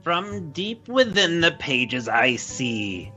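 A man's voice: a little high, sing-song, slow, bright, forceful tone, soft background music, exaggerated voice. A man voicing a blind, cryptic old moth priest who speaks in ominous rhymes, in an audio drama. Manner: cryptic rhyming prophecies, cranky.

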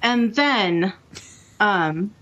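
A woman's voice: medium pitch, animated, very slow, fairly bright tone, dull audio. Woman, podcast co-host, casual gaming chat, enthusiastic, call mic. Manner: chatty and enthusiastic, reads out listener messages. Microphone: remote call mic.

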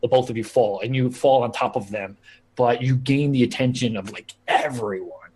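A man's voice: medium pitch, moderate pace, a little mellow, husky. A young man narrating as game master, rambling with lots of filler likes.

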